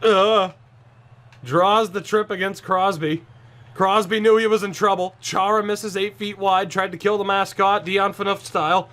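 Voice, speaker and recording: A man's voice: high voice, a little slow. Tired man commenting on his hockey game. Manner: tired, sarcastic, playful with sudden excited outbursts. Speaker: gaming YouTuber. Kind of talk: casual gameplay commentary.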